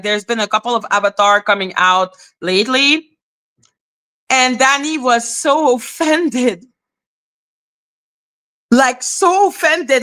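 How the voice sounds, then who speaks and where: A woman hosting a casual live stream, animated and laughing, greeting viewers by name and swearing freely. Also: a little high.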